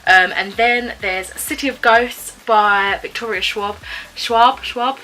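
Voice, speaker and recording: A woman's voice: medium pitch, fairly even intonation, unhurried, sharp tone, poor audio. A young British woman chatting casually in a vlog, rambling with frequent ums and self-corrections. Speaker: book vlogger.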